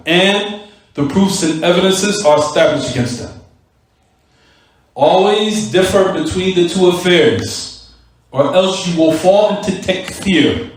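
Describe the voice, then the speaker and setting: A male religious teacher lectures a mosque class, tossing rhetorical "what?" prompts to his students and hammering key words by repeating them. His voice is slightly high. It is picked up from a distance in a hall with a heavy echo. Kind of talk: recorded Islamic class lecture. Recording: very echoey room, voice from far off.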